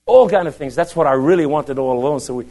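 Middle-aged male preacher, fiery sermon delivery, voice sits slightly high, big swings from shouting down to near-whispers. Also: fast talker. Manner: impassioned, swinging from shouts to hushed tones; dramatic storyteller.

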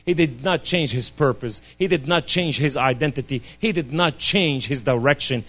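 A man giving an impassioned testimony sermon, swinging between loud cries and hushed, low speech. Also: lively intonation, normal speed, hardly any pauses.

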